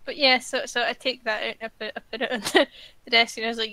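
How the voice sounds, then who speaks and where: A woman's voice: on the high side, fairly even intonation, fast talker, pushed and bright, no room sound, low-quality recording. A young woman playing a tabletop game, describing her character's actions in a hesitant way with many fillers and laughs.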